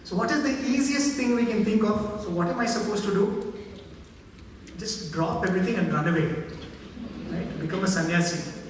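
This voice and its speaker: A man tells stories in a spiritual talk, his voice sitting fairly high. He is heard from a distance in a big reverberant hall. A faint hum of room noise sits under him. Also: normal speed, pauses often. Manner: storytelling, voicing characters in quotes, frequent "right?". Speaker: speaker giving a spiritual talk. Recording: echoey hall, voice from far off.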